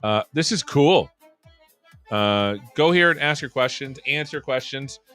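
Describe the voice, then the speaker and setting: A man's voice: mid-range voice, lively intonation, unhurried, a bit bright, soft background music. A man hosting a tech show, chatting loosely and joking with many fillers. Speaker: show host. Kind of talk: casual live-stream chat.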